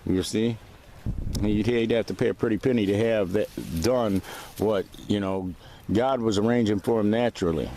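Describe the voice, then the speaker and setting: A man's voice: fairly low pitch, fairly even intonation, normal speed, mellow, a little hiss or hum. A man ranting to camera in a vlog, rambling, profane and agitated. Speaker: vlogger. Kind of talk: casual rant to camera.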